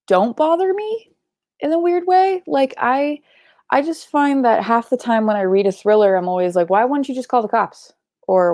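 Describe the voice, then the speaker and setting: Young woman host, loose chatty delivery with fillers and swearing; creaky tone, dry room. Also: mid-range voice, a little mellow, dry recording. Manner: chatty, swears casually, many filler likes and ums. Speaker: book club live show host. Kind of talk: casual livestream chat reading comments.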